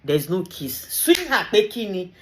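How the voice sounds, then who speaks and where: A woman with a Nigerian accent giving animated, teasing commentary as a vlogger, dropping in Yoruba phrases and laughing often. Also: lowish voice, unhurried, a little hiss or hum. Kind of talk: casual commentary to camera.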